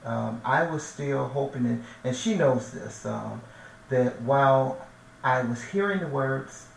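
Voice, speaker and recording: A man's voice: medium pitch, a little slow, gravelly. Earnest male minister in an echoey room. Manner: earnest, emotional, repeats himself while searching for words. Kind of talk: heartfelt personal testimony. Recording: echoey room, distant mic, faint noise.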